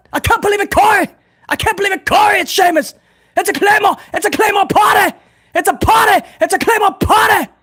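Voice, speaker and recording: A man's voice: very high-pitched, fairly bright tone, voice pushed up. A man doing a screaming, breathless wrestling commentator. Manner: gasping, shrieking exclamations.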